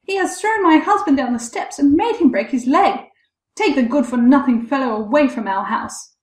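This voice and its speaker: Woman reader doing a screeching sexton's wife, high and frantic, echoey room. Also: sing-song, moderate pace, vocal fry, heavily acted. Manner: high, screaming accusation.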